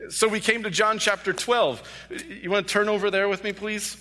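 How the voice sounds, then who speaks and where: A man's voice: high-pitched, flat delivery, normal speed, sharp tone. A male pastor preaching a sermon, earnest and emphatic, repeating key phrases. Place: church sanctuary. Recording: long echo of a large hall.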